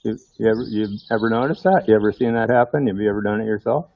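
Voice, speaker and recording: A man's voice: lowish voice, fast, no echo, muffled recording. A man preaching a sermon in a conversational way, often putting rhetorical questions to his congregation.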